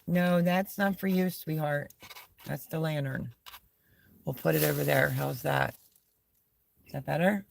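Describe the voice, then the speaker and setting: Middle-aged woman, live-stream chat, rough creaky voice, slow drawl, talks to her dog. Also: low voice, fairly even intonation, slight background noise. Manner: rambling, chats to her dog between thoughts. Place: small camping setup indoors.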